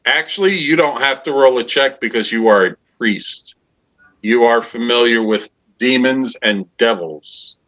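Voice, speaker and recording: A man narrating a tabletop fantasy game as game master, in a measured storytelling manner. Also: medium pitch, fairly bright tone.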